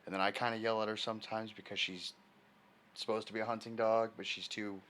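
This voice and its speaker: A man's voice: fairly low pitch, little pitch movement, fairly quick, heavy background noise. A man chatting casually on a live stream in a rambling way, answering viewer messages from his desk at home.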